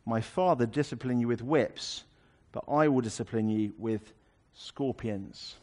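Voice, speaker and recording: A man's voice: medium pitch, unhurried, darkish tone. A man preaching a sermon, explaining a scripture passage in a conversational way with wry asides.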